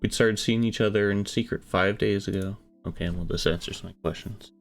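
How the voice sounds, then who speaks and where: A man's voice: on the low side, fairly even intonation, normal speed, gravelly, soft background music. A man streaming a visual novel, reading the narration aloud in an earnest storytelling manner.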